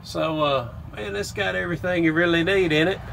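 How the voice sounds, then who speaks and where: This is a man with a Southern US accent, talking to his camera outdoors in an easy, folksy drawl full of "uh" and "man." His voice sits slightly high, and faint traffic hums in the background. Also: steady tone, brisk, creaky, a bit bright. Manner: folksy, drawling, many fillers. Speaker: vlogger. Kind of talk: casual vlog narration. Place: outdoors by a road. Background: faint traffic and outdoor noise.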